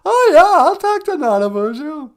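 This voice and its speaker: A man voicing a bubbly, starstruck young woman in a high, shrieky squeal with drawn-out words, in a comic phone-call skit. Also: sing-song, heavily acted. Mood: giddy.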